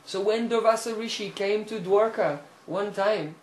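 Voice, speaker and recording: A man preaching and storytelling with animation, pausing to check in with his listeners. His voice is fairly high for a man. It echoes in the room over a faint hiss. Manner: animated storyteller, frequent "hmm?" checks, chuckles. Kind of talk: sermon storytelling.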